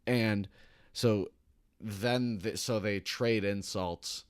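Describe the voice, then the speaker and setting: A man's voice: fairly low pitch, steady tone, very slow, clean tone, dry recording, clean studio sound. A young man, telling a heated, profane work story as a podcast co-host. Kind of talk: casual podcast chat.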